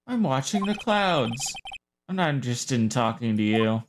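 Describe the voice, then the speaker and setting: A woman's voice: very deep voice, very animated, normal speed. A woman voicing a haughty, aloof female TV producer in game dialogue, dismissive and cool, over game music. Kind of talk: game dialogue read aloud.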